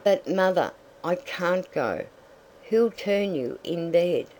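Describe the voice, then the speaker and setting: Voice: medium pitch, lively intonation, slow, darkish tone, slight background noise, voice pushed up, low-quality recording. A reader voicing an emotional young woman character in an audiobook, speaking in a pleading, tearful way. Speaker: story character. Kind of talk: audiobook reading.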